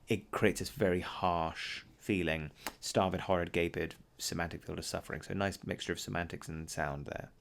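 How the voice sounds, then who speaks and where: A man's voice: low voice, vocal fry. A man teaching an English literature lesson, talking a class through a poem with frequent ums and uhs. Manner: talks through a poem, reading lines aloud and pausing with ums and uhs. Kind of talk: recorded poetry lesson.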